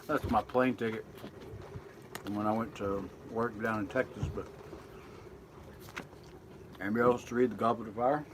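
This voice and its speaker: A vlogger sits inside his boat on a live stream, reading viewers' comments and chatting loosely, rambling and correcting himself along the way. His voice is lowish with fairly even intonation, at a normal speed with long pauses, and there's background noise.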